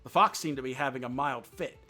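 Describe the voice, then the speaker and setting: A man reading a book aloud on a live stream, with expressive pacing and dramatic pauses. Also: mid-range voice, faint music behind.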